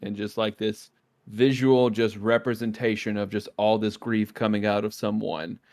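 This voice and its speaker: A man's voice: fairly low pitch, moderate pace. A man on a podcast, recapping a TV episode in casual chat and acting out the characters' lines as he goes. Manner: animated, acts out characters' lines while retelling scenes. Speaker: podcast co-host.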